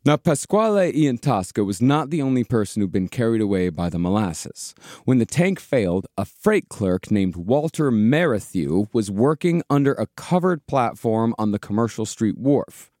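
A man hosting a podcast, narrating a historical disaster in a measured, storytelling way with casual swearing. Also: mid-range voice, very animated, darkish tone, no echo, clean studio sound. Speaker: podcast host.

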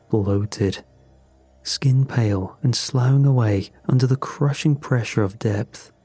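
A man narrating a first-person horror story in a measured, grim way. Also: on the low side, mellow, no room sound.

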